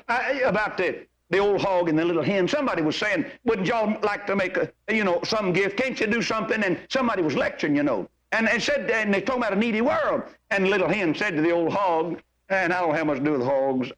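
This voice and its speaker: A man's voice: sits high, fast talker. An older man preaching a sermon, folksy and exhorting, full of homespun stories.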